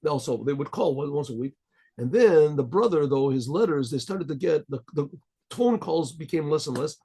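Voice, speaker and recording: Male rabbi storyteller, somewhat high, husky voice, loose and chatty delivery. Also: darkish tone. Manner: rambling, chatty, with chuckles.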